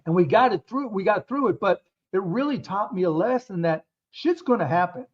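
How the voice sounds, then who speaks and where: A man's voice: high voice, lively intonation, fairly quick. A man in his fifties, a business guest in an interview, telling stories from his early career in a blunt, candid way and swearing freely. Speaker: guest entrepreneur. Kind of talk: casual interview storytelling. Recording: dull lo-fi sound.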